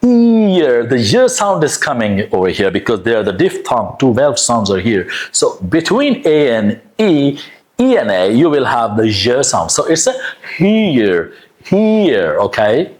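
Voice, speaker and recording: A man teaching pronunciation, sounding out words slowly with exaggerated, breathy H sounds and encouraging praise. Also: mid-range voice, sing-song. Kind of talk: phonics lesson, modeling words slowly.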